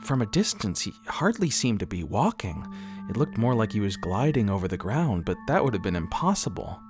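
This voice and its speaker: A man's voice: fairly low pitch, big pitch swings, a little fast, music in the background. A man narrating a first-person horror story in a dramatic, wry scripted telling.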